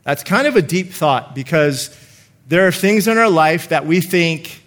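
A man preaching a sermon, slowing down to stress scripture and calling on the congregation to repeat lines after him. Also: fairly high pitch, animated, a bit bright. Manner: emphatic, calls for congregation responses, slows to stress scripture.

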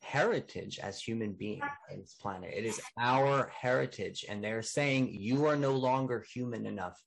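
Guy hosting, emphatic, mid pitch, just chatting. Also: moderate pace, creaky, low-quality recording. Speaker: host. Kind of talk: conversational interview.

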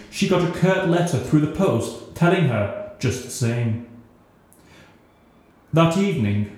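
A man narrating a scripted story in a steady, newsreader-like reading, in a very echoey room. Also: a little high.

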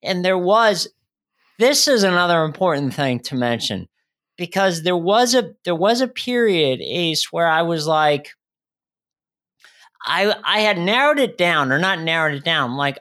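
A man in his thirties, a guest speaker telling his own story in a podcast interview, earnest and halting with frequent restarts. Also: on the high side, lively intonation, bright, forceful tone.

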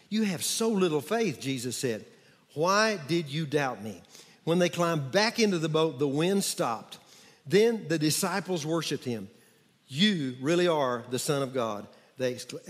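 A man preaching a sermon as pastor, animated and calling on the congregation to answer back. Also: a little high. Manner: animated, calls for congregation responses. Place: church sanctuary. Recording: church hall with long reverb.

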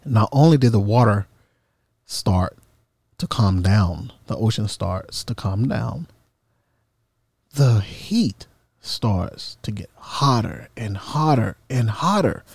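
A man tells a funny story from his own life in a casual, lively way, his voice leaping around in pitch. His tone is mellow and dark. The room is dry, with no echo. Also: slow pace, slightly rough. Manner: animated, humorous, acts out quoted voices.

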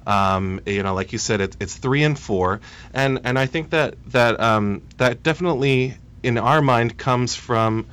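Halting, smooth-voiced man in his thirties. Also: mid-range voice, fairly bright tone. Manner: hesitant, halting, many restarts. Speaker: policy analyst guest. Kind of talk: radio interview.

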